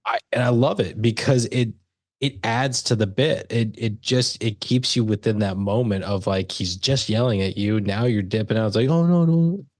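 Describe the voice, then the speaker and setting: A man's voice: on the low side, fairly even intonation, no echo, studio quality. A man co-hosting a casual movie podcast, talking thoughtfully through how a scene was shot. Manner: thoughtful, breaks down camera work, quick restarts. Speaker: podcast co-host. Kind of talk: casual movie-discussion chat.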